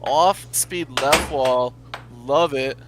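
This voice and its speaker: A man's voice: mid-range voice, very slow, very noisy. American man reading stream chat. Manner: reads viewer messages, shout-outs.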